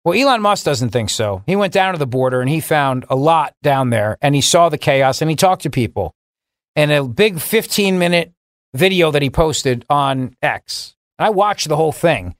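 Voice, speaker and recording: A middle-aged man hosting a political talk radio show, delivering a sarcastic, mocking monologue with sudden jumps in pitch for emphasis. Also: lively intonation, moderate pace, no room sound, studio quality.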